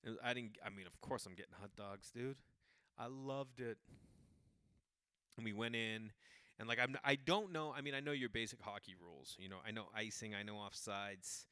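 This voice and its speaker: Bright, crisp-voiced man telling stories. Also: fairly low pitch, normal speed, no echo, clean studio sound. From Boston area. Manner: animated, jumps into quoted voices, loose and chatty. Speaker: podcast host. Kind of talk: casual comic storytelling.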